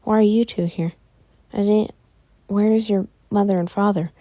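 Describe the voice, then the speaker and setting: A woman voicing an old grandfather, a crime boss who soothes the children, in a reassuring and halting way. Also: medium pitch, fairly even intonation, dark tone, dry recording, pitched above the performer's own voice, lightly acted.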